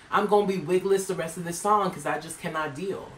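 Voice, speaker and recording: A woman reacting to an album for her channel, loud and dramatic, swearing freely and exclaiming at every track. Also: fairly low pitch, fairly quick, slight background noise. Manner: brash, profane, dramatic exclamations. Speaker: music reaction YouTuber. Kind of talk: music reaction vlog. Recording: roomy echo, faint music behind.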